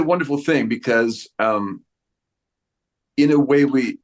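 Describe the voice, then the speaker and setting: Speaking slowly at medium pitch, a man in his sixties, an actor, answers press interview questions. His talk meanders with frequent restarts, and he performs the voices he quotes.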